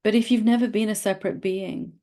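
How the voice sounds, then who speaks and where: A middle-aged woman leading a satsang dialogue as a spiritual teacher, speaking gently and playfully, sometimes teasing. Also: mid-range voice, steady tone, fairly quick.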